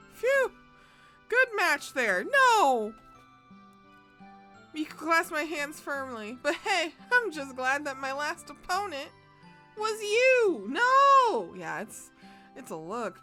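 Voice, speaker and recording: A young woman with a high voice streams live while commenting on a game, excitable and dramatic and swearing often.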